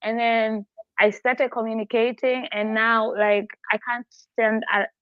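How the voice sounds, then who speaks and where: A woman podcast host in casual chat, chatty and animated, laughing easily. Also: a little high, unhurried, clear, resonant tone, dry recording. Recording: slightly dull, muffled sound.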